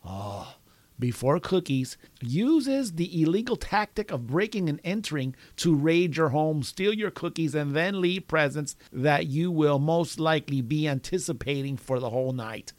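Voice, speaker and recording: A man's voice: a little high, animated, unhurried, darkish tone, no room sound. A man hosting a podcast, telling a story in a loose, rambling way, often breaking into chuckles. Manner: chuckles often between sentences; self-deprecating, rambling with restarts. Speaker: podcast host. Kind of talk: casual storytelling monologue.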